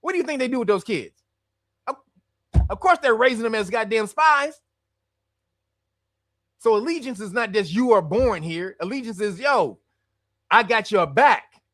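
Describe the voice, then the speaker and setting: A man with a high voice rants through casual livestream commentary, full of profanity and quick laughs. He is recorded close to the mic in a dry space with no echo. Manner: animated, profane, laughs often. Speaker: livestream host.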